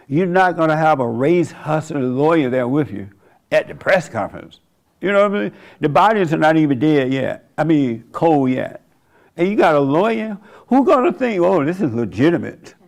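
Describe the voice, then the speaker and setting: A man's voice: on the high side, lively intonation, normal speed, a little mellow. A man in his seventies giving a folksy, conversational sermon monologue as a church host, often laughing and mocking. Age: 70s.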